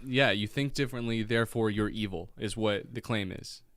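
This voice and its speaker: Smooth-voiced man holding forth on a podcast. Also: lowish voice, fairly quick, fairly bright tone, no room sound, clean studio sound. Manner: opinionated, laughs often. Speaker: podcast co-host. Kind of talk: casual chat.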